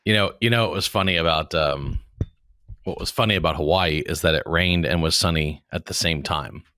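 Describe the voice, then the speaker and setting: Deep-voiced joking podcast host, man in his forties. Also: fairly quick, sharp tone, clear, resonant tone, no echo, studio quality. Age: 40s. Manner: rambling, jokey, restarts words often. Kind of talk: casual chat.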